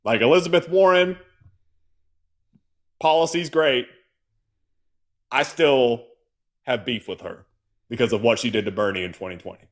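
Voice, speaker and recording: A Southern American man co-hosts a political livestream, ranting with sarcastic exasperation. His medium-pitched voice is unhurried, broken up by long pauses.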